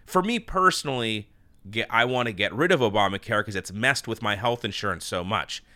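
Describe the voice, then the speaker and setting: A male podcast host rambles through a long anecdote in casual chat, restarting often and quoting exchanges back and forth. His fairly low voice moves fairly quickly with a sharp tone, and there's no echo.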